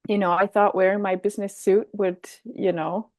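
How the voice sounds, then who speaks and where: A woman's voice: mid-range voice, little pitch movement, moderate pace, dry recording. A woman with an Austrian German accent, a native German speaker, co-hosting a casual spiritual chat in a reflective, hesitant way. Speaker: podcast co-host.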